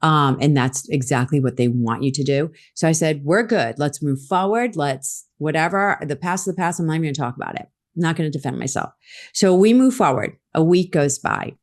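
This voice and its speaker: A woman's voice: low voice, brisk. A middle-aged woman, a podcast guest, telling a story in conversation and acting out the lines she quotes. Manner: animated, acts out quoted lines.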